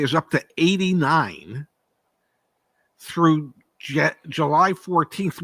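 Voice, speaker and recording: Lively emphatic man co-hosting. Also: fairly high pitch, no room sound. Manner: emphatic, rhetorical questions, repeats words. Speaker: co-host, former car dealership operator. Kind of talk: casual podcast chat.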